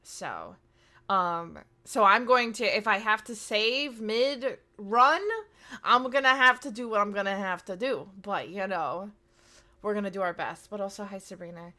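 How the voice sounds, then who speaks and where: Bright-voiced chatty woman streamer. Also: medium pitch, a little slow. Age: 30s. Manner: chatty, rambling, many fillers. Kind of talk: casual live-stream chat.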